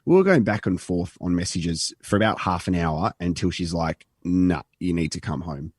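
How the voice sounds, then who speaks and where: Aussie bloke, husky low voice, rambling story on a podcast, dry mic. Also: male voice, animated, moderate pace, no room sound. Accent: Australian. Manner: rambling anecdote with acted quotes. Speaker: podcast co-host. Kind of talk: casual storytelling.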